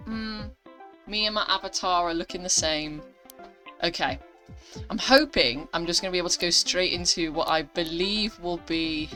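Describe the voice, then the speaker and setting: A woman's voice: lowish voice, bright, forceful tone, rough recording. An English woman casually chatting through a mobile story game, with chatty, self-deprecating asides. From England. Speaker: gaming channel host. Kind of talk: casual let's-play commentary.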